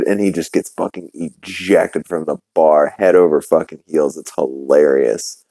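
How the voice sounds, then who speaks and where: Brief: low, dark-voiced male podcast host, rambling casual recap, dry close mic. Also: fairly even intonation, a little slow, no echo. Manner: rambling, filler-heavy, swears casually.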